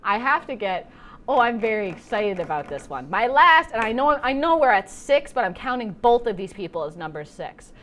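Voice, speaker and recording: A woman's voice: fairly high pitch, very animated, normal speed, fairly bright tone. A young adult woman hosting a comedy show, delivering a playful, exaggerated monologue.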